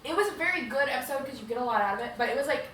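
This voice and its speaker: A woman's voice: high voice, lively intonation, racing, fairly bright tone, echoey room, distant mic, slight background noise, low-quality recording. A woman co-hosting a casual podcast recap, blunt and opinionated. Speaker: podcast co-host.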